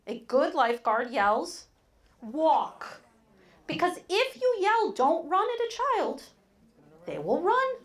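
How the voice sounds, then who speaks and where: A woman leads a live workshop in an indoor meeting room, speaking into a handheld mic. Her voice sits high and swings widely in pitch, and her delivery is wry and joking.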